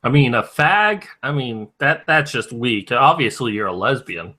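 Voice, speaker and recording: A man co-hosting a casual commentary chat, making steady, argumentative points. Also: medium pitch, unhurried. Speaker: co-host.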